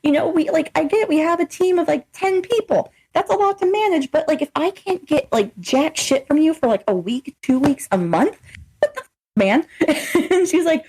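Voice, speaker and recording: A young woman chats bluntly on a podcast and swears without a second thought. Her pitch swings widely as she acts out the people in her stories. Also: animated, moderate pace, hardly any pauses, a little mellow. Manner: blunt, swears freely, acts out quoted exchanges. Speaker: podcast co-host. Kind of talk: casual chat.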